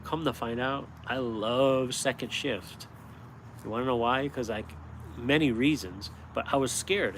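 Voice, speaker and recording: A man from upstate New York chats into his phone on a live stream, chuckling as he tells his stories. He is outdoors and a little street noise hangs behind him. His pitch sits in the middle for a man. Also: unhurried. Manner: animated storyteller, chuckles often. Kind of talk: casual live-stream chat. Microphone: phone held vertically.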